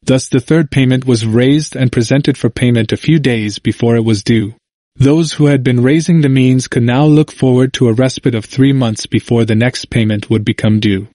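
A man reading a historical book aloud in a measured, even narration. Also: mid-range voice, no room sound, clean studio sound. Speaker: audiobook reader.

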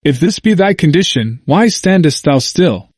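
A calm, firm guide, voiced by a man who gives solemn directions. His voice lifts a little above the narration. Dry, close recording. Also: on the high side, normal speed, breathy edge, no echo, voice pushed up. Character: guiding male preacher figure, calm and firm.

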